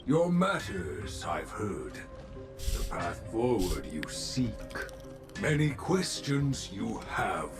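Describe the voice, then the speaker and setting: A wise old craftsman in a game, calm and measured, who puts his words in inverted order. His lowish voice rises and falls widely and unhurriedly, and music plays clearly beneath him. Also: heavily acted.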